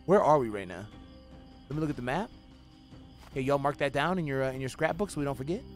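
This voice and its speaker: A young man streaming a video game, giving profane running commentary that swings between low muttering and sudden yelling. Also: fast, soft background music. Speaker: gaming streamer. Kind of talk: live gameplay commentary.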